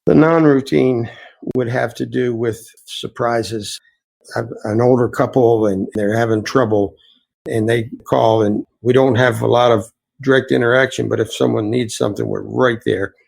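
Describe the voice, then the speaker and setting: Male innkeeper guest, gravelly voice, earnest and reflective. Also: mid-range voice, fairly even intonation, moderate pace, a little mellow, low-quality recording. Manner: earnest, reflective, rambling anecdotes. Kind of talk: storytelling interview answers.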